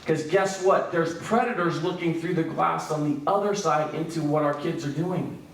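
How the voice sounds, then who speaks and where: Man giving a church talk in a booming echoey hall. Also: moderate pace, gravelly, far from the mic. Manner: storytelling, animated then quiet and grave. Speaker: speaker at a church breakout session. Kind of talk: earnest church seminar talk.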